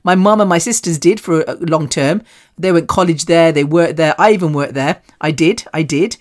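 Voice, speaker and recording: A British woman hosts a solo podcast and talks straight to her listeners. Her voice sits on the low side for a woman. She rambles candidly, mocks herself and swears in passing. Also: normal speed. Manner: chatty, rambling and self-mocking, swears casually. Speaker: podcast host.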